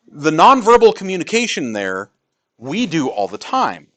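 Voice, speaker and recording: A man's voice: medium pitch, sing-song, normal speed, fairly bright tone. A man teaching a math class in a classroom, talking casually and chatty as he explains. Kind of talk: classroom lecture.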